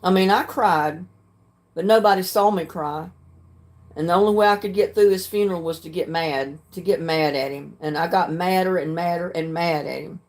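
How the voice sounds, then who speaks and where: A frank older woman hosts a livestream, speaking at normal speed in a fairly low, darkish voice. She is plainspoken and clears her throat often while casually chatting and reading viewer comments.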